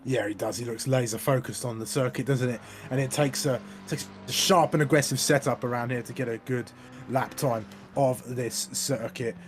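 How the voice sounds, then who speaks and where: Rambling co-commentator, mid voice. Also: male voice, medium pitch, fairly even intonation, normal speed, soft background music. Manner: rambling analyst talk with hesitant restarts. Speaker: sim racing co-commentator. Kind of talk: live race commentary.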